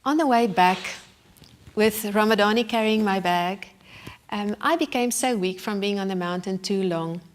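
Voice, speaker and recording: A woman giving a sermon as a personal story, told vividly and with feeling, sometimes dropping to a hush. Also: mid-range voice, normal speed. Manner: vivid, emotional storytelling with sudden hushed asides. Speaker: Christian speaker.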